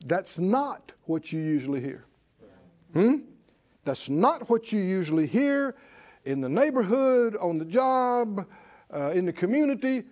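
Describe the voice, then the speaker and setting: A man's voice: sits high, unhurried. A man preaching a sermon, calling out questions to the congregation and acting out voices with laughter. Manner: animated, call-and-response with the congregation; acts out quoted voices and laughs often. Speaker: pastor.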